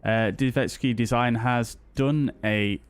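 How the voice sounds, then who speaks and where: A man's voice: medium pitch, fairly even intonation, slow pace, clean tone, soft background music. A British man streaming a flight simulator, chatting casually and greeting his viewers one by one with plenty of ums and uhs. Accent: British English. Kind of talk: casual live-stream chat.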